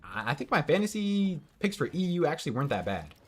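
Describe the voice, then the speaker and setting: A man's voice: on the high side, sing-song, quick pace. Young man chatting on a livestream. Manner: chatty, reads out and answers chat. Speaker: streamer. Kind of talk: casual live-stream commentary. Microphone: headset.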